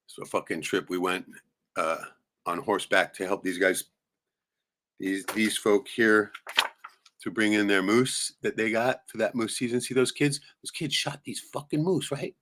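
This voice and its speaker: A middle-aged man streaming live, swearing freely and rambling through stories while showing photos. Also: lowish voice. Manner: profane, rambling storyteller with sudden loud jumps. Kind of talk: casual venting monologue showing photos.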